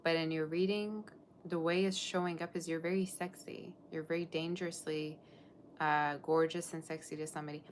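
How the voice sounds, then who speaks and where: A woman's voice: sits low, flat delivery, normal speed, slight background noise. A woman reading tarot on a live stream, gushing over her viewers and chatting loosely between cards. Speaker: tarot reader.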